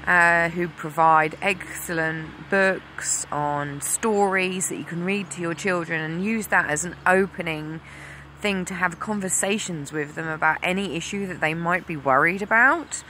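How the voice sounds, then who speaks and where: A woman's voice: fairly low pitch, measured pace, bright, forceful tone, slight background noise. A woman from England telling her own story as a mother, candid and full of ums. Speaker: mother sharing her cancer experience. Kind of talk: personal talk to camera.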